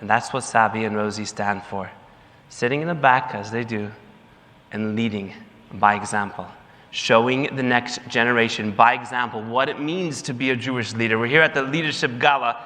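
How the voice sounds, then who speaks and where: Man, gala speech, lively storyteller, bright voice, long reverb of a banquet hall. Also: mid-range voice, moderate pace. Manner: lively storyteller, mimics others in quotes. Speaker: gala speaker for the organization.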